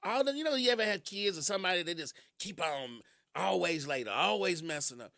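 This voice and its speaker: Radio host, male, high and very lively voice, laughs often, from Kentucky, dry studio sound. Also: brisk, creaky, dry recording. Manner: animated storytelling, laughs often. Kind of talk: casual radio talk. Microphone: studio mic.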